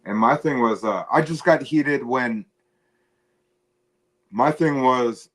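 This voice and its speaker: Guy ranting on a chill stream, cussing a lot, fired up, normal pitch voice. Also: takes it slowly, fairly bright tone. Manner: heated, profane storytelling. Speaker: co-host guest. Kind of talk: casual stream chat.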